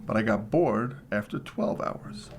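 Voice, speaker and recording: A man reading aloud the lines of a deadpan cartoon horse from a comic strip, delivering a dry joke. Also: lowish voice, unhurried, a little hiss or hum.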